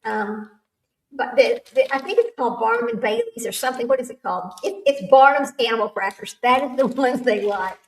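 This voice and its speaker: A woman's voice: fairly high pitch, expressive, brisk. A woman, hosting a casual livestream chat, rambling and laughing often. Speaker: livestream host. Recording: echoey room, far from the mic.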